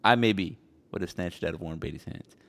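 A man's voice: deep voice, fast, creaky. A man co-hosting a casual chat, telling a story with energy and swearing casually. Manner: animated storytelling, swears casually, mimics other people. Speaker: podcast co-host.

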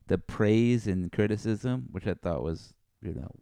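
A man with a very deep, gravelly yet smooth voice, co-hosting a casual chat. He teases and cracks sarcastic jokes. The sound is dry and close. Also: unhurried, dark tone, dry recording. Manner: joking, teasing, dry sarcasm.

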